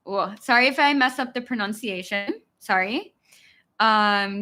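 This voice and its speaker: A woman's voice: medium pitch, measured pace, pushed and bright. An American woman in her thirties, an English teacher chatting through a live-stream Q&A in a giggly, self-deprecating way.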